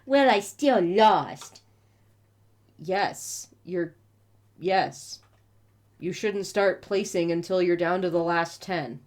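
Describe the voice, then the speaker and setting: A woman reading the lines of a calm, dry young male guard captain in a matter-of-fact tone. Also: high-pitched, slow. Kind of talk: read-aloud dialogue.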